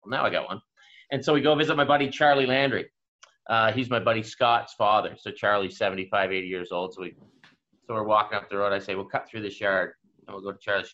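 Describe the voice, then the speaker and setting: A man's voice: fairly low pitch, quick pace. A man from Atlantic Canada, a guest on a podcast, telling a casual story and acting out the people in it. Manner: energetic, acts out quoted voices. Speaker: sports broadcaster, podcast guest. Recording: slightly dull lo-fi audio.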